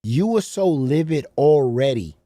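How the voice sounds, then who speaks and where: Man, reaction streamer, mocking and incredulous, lively pitch, dry close sound. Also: unhurried, dry recording. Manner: incredulous, mocking, swears freely, repeats "bro". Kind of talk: profane reaction commentary.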